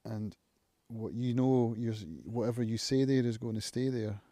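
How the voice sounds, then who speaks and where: A man hosting his own live stream from home, thinking aloud in a reflective, musing way with frequent pauses. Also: mid-range voice, level tone, warm tone, no room sound, studio quality. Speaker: channel host, recovering alcoholic. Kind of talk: casual live-stream monologue.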